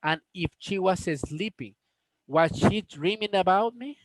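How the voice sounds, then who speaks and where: A man slowly reading a novel aloud, stumbling and restarting on words, and stopping to talk to his viewers. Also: sits high, dry recording, poor audio. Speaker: storybook reader.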